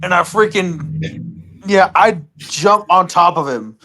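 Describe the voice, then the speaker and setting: A woman's voice: lowish voice, takes it slowly, fairly bright tone. A woman playing a tabletop game who talks hesitantly, with lots of fillers and laughter. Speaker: player. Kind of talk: casual tabletop game chat.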